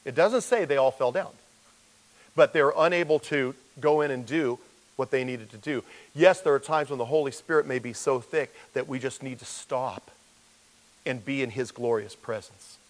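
A man's voice: medium pitch, moderate pace, rough recording. A man as pastor, teaching a verse-by-verse sermon in a conversational way and acting out the voices he quotes.

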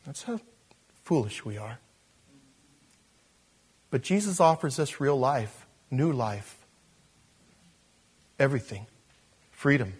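A man preaching a sermon in an animated, self-deprecating way, chuckling and acting out voices when he quotes people. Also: mid-range voice, slow, long pauses, slightly rough. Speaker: pastor.

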